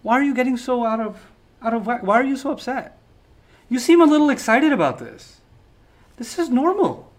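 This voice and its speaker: A man putting on calm, patronizing elders. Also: extremely high pitch, normal speed, long pauses, pitched above the performer's own voice. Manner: soothing, patronizing, dismissive. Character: calm, condescending older men brushing off a youth.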